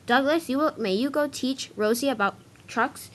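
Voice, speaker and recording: A woman's voice: high-pitched, normal speed, a bit bright, pitched above the performer's own voice, rough recording. A woman doing a formal railway boss. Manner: formal, instructing. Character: stern railway controller man in charge.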